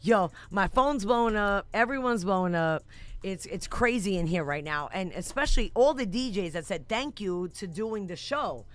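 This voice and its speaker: A woman hosting a casual radio talk show, telling stories in an animated, slangy way with laughs. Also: mid-range voice, moderate pace.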